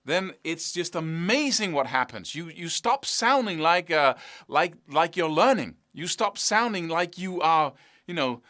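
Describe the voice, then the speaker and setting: A man's voice: fairly high pitch, lively intonation, measured pace, sharp tone. A man teaching an online guitar lesson, enthusiastic and encouraging, often checking in with "right?" and "you know".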